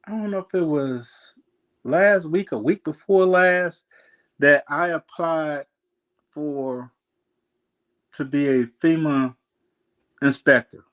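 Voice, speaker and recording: Man, casual storyteller, animated, does voices, fairly high voice. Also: slow, long pauses. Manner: animated storyteller, acts out voices, laughs often.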